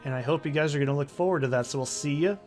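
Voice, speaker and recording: A man hosting a let's play, giving casual, excitable commentary and swearing freely as he plays. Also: fairly high pitch, very fast, soft background music.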